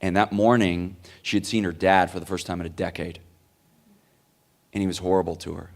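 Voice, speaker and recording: A man's voice: low voice, flat delivery, fairly quick, creaky. A man answering audience questions at a conference, earnest and rambling, with many fillers and restarts. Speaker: conference speaker. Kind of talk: Q&A answer, storytelling. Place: conference hall.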